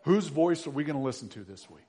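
A man preaching a children's sermon as pastor, swinging between hushed and loud emphasis. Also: a little high, expressive, fast, husky.

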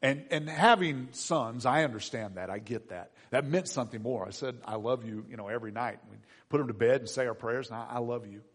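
A middle-aged man preaching a conversational sermon as pastor, with soft asides and gentle quoted lines. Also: medium pitch, a little fast, few pauses, slightly rough. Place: church sanctuary. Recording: long hall reverb.

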